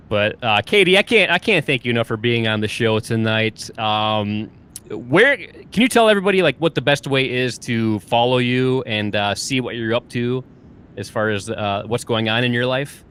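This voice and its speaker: A man's voice: mid-range voice, expressive, normal speed, fairly bright tone, clean tone. A man from Michigan hosting a podcast, chatting eagerly with his guest and laughing often. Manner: enthusiastic, laughs often, many fillers. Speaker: podcast host. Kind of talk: casual interview chat.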